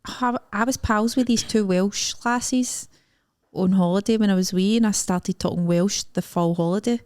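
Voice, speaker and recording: A woman's voice: medium pitch, steady tone, normal speed, darkish tone, clear, resonant tone, no echo, clean studio sound. A Scottish woman co-hosting a podcast, teasing and blunt in casual chat. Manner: blunt, teasing, swears freely. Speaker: podcast co-host.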